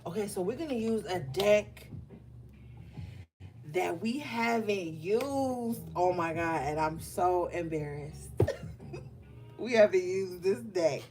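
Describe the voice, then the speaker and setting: A woman's voice: on the low side, lively intonation, takes it slowly, pauses often, music in the background. A woman doing a casual live tarot reading, chatty and loose with plenty of swearing. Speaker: tarot card reader.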